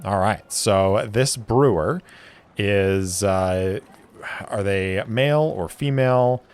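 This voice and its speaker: Slow-talking man narrating a solo tabletop game. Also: on the low side, clear, resonant tone. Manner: relaxed, thinking aloud. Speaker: game master.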